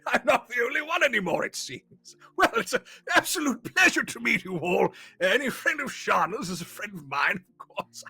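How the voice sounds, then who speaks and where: A man voicing an eccentric, bumbling old male wizard professor with a booming, chuckling, theatrical manner. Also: very animated, normal speed, few pauses, sharp tone, husky, no echo, exaggerated voice. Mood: delighted.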